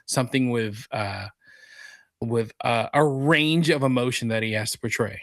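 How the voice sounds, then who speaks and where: A man with a medium-pitched voice co-hosts a geek culture podcast at normal speed, with no room sound. He chats casually and reads news items aloud.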